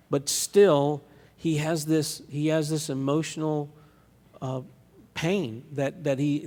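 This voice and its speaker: A man preaching a sermon in a casual, conversational way, often restarting his sentences and pausing on fillers. His mid-range voice has a gravelly edge. The sound carries a long reverb from the large church hall around him. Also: medium pitch. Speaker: pastor. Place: church sanctuary.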